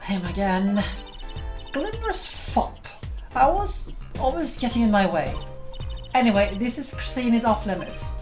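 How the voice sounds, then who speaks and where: A woman's voice: on the high side, very animated, measured pace, a little mellow, soft background music, pitched above the performer's own voice. A woman voicing a grumpy young female detective with a curt, irritated manner.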